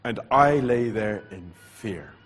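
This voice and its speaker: A man with a husky, slightly rough voice tells his personal testimony from the pulpit. He talks slowly and deliberately, letting pauses carry the weight of the story. A frequent cough interrupts him. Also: lowish voice, expressive, a bit bright. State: coughing repeatedly. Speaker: preacher giving his testimony.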